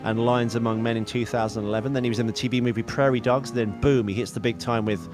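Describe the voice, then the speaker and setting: Male podcast co-host, mid-pitched, rambling, self-correcting, music bed underneath. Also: fairly even intonation, quick pace. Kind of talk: casual film chat.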